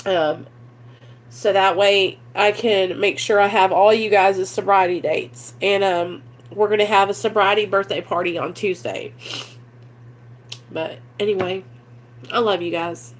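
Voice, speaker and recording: A woman's voice: medium pitch, steady tone, a little slow, slight background noise. A woman vlogging in a casual, emotional chat to camera, close to tears, gushing and rambling with many fillers, with a Midwestern American accent. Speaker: vlogger in recovery.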